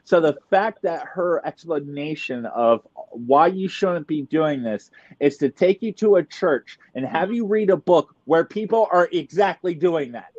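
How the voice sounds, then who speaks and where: A man's voice: on the high side, unhurried, darkish tone, dry recording, lo-fi sound. A man hosting a podcast, talking emphatically and adding sarcastic asides. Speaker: podcast host. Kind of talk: casual podcast conversation.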